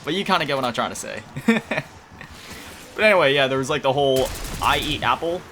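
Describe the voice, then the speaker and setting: Animated and fairly quick, his medium-pitched voice sounds pushed and bright, with slight background noise. This male gaming YouTuber talks casually while playing, rambling, self-deprecating and frequently trailing off to recall words.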